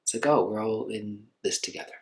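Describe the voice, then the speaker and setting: A man teaching meditation in an informal talk, speaking gently and conversationally with frequent filler words. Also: lowish voice, brisk, poor audio.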